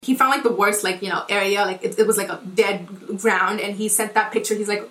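A woman's voice: medium pitch, brisk, hardly any pauses, a bit bright, echoey room, rough recording. A young woman hosting a podcast, telling a personal story in a rambling, casual way, swearing often and restarting her sentences. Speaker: podcast host.

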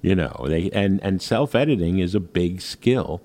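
A man interviewing a musician in a relaxed, engaged way, summing up the guest's songs and their meaning. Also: low-pitched, normal speed. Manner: engaged, sums up the guest's work. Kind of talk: casual interview talk.

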